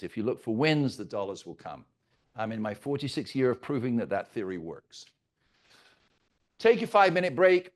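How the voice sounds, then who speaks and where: An older man leading a real estate team training, talking with energy and joking asides, sometimes mimicking his agents' grumbles. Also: medium pitch.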